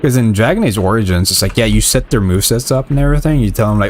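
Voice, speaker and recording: A man's voice: lowish voice, expressive, very fast, few pauses, slight background noise. A man casually commenting while he streams a video game. He swears a lot, rambles and gets fired up easily.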